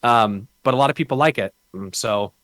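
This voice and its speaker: A man's voice: mid-range voice, fairly quick, fairly bright tone, dry recording. A man chatting casually as a podcast guest and game streamer, rambling and swearing freely. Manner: rambling, loose and profane, with many restarts.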